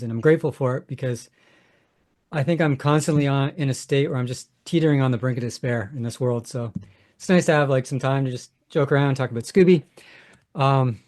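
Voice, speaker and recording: A man on a podcast panel, talking casually and hesitantly with many pauses and restarts. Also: medium pitch, a little mellow. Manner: hesitant, lots of uhs and restarts.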